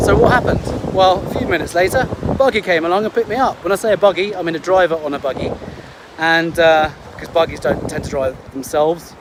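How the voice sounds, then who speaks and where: An upbeat man talks in a casual vlog, restarting his sentences as he goes. His voice sits fairly high. Ocean waves and wind roar clearly behind him on the beach. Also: a little fast. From England. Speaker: health coach.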